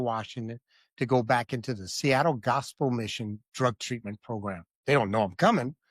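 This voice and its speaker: A man's voice: mid-range voice, dry recording. A man in mid-range tells his own story as a podcast guest. He is blunt and vivid, and often stops to ask if the listener is with him. The room sound is dry and close. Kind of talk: candid personal storytelling.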